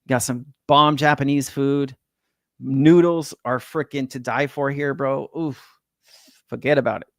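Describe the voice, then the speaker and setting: A middle-aged Californian hosts a crypto livestream from his home in Hawaii, casually reading viewer comments and chatting in laid-back, slang-heavy banter full of swearing, "man," and "bro." His medium-pitched, steady voice is a little slow and creaky, recorded at studio quality with no room sound.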